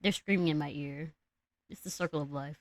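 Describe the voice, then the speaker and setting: Steady in tone and a little fast, the deep-voiced young woman recounts a fairy tale for her stream, recorded dry. She wanders through the story casually, swearing and dropping slang along the way.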